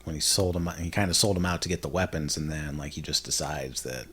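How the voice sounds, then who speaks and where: Low husky-voiced man rambling. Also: a little fast, fairly bright tone. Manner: rambling, stop-start with fillers. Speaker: podcast co-host. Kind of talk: casual chat.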